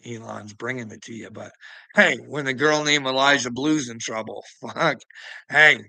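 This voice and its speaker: Gravelly man ranting. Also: mid-range voice, measured pace, pushed and bright, no echo, low-quality recording. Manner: profane, combative, scornful, laughs often. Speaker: vlogger. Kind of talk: ranting commentary.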